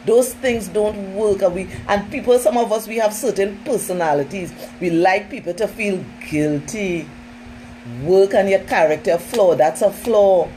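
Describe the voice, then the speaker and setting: A woman trainer speaks to her listeners in an emphatic, conversational way. Her voice sits at an ordinary middle pitch. She keeps turning to them directly, with a faint hum behind her. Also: a little mellow, poor audio. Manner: emphatic, conversational, often says "listen" and "you know". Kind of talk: informal training talk.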